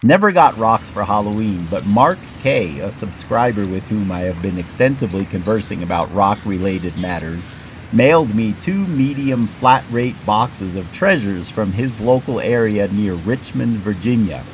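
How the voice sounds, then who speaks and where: A man host narrating his rock-collecting channel in a careful, measured, explanatory way, reading a prepared script over footage. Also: lowish voice, expressive, slight background noise.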